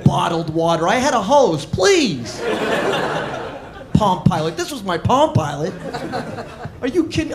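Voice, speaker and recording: A man from Arizona works a comedy club stage with a brash, mocking, punchy stand-up delivery. His voice sits high for a man and rings around an echoey room. A loud crowd laughs behind him. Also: very noisy.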